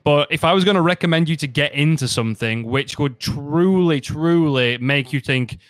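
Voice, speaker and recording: A man's voice: fairly high pitch, normal speed, hardly any pauses, dry recording. A man chatting casually as a podcast co-host, enthusiastic and persuasive, lecturing his friend. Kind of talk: casual chat.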